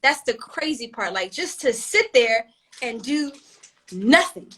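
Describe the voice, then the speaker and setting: Young woman, casual podcast banter, laughing and profane, very high, sharp bright tone. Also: unhurried, slight background noise. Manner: lively, laughing, profane venting. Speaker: podcast co-host. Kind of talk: casual chat.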